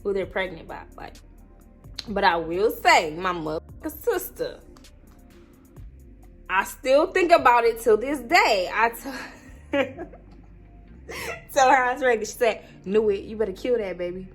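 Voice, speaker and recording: A woman's voice: fairly high pitch, big pitch swings, unhurried, pauses often, faint music behind. Tearful young woman vlogger. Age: 20s. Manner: tearful, laughing through tears, rambling with many fillers. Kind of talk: emotional storytime.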